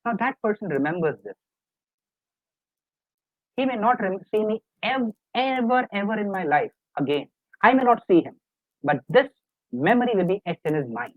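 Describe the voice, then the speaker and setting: A man's voice: high-pitched, very animated, normal speed, long pauses, no echo. A middle-aged man, a life coach giving a live webinar lecture in an earnest, coaxing, repetitive way. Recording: dry, tinny phone-like online call audio.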